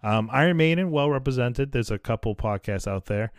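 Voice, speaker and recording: A man's voice: mid-range voice, lively intonation, a little fast, no room sound. A man hosting a podcast, bantering and laughing often in casual chat. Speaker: podcast host.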